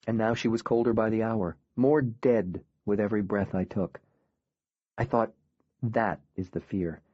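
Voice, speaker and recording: A man reading a first-person audiobook in a quiet, grave, measured way. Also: lowish voice, steady tone, no room sound, dull audio. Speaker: audiobook narrator.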